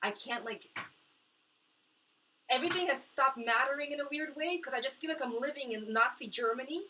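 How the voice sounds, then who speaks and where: High, bright-voiced distressed young woman. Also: fast talker, far from the mic, slight background noise, low-quality recording. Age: young adult. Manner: impassioned and profane, swinging between low mutters and shouting. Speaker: vlogger. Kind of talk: emotional monologue to camera. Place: small apartment kitchenette.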